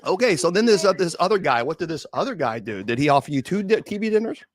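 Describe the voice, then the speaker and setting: Lively, teasing male show host. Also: on the high side, fast talker. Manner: playful, teasing, exclamatory. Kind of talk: casual comedic chat.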